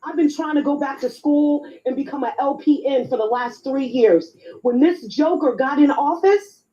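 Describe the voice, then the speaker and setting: A woman with a high but mellow voice argues on an online podcast panel, blunt and pleading, dropping casual swears. Her audio is dull and lo-fi. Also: normal speed. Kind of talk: heated panel argument.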